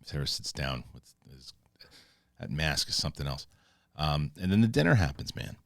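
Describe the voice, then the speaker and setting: Low-voiced man recapping a show, profane. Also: big pitch swings, creaky, no room sound, clean studio sound. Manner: profane, acts out scenes in quick paraphrased quotes; rambling with restarts when moved. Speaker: film and TV reviewer. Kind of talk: casual spoiler review recap.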